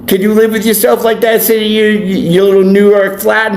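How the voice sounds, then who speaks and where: A man's voice: high voice, flat delivery, brisk, hardly any pauses. A man, a tarot reader and life coach, ranting bluntly and preachily in a profane vlog monologue. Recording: echoey room, faint background noise.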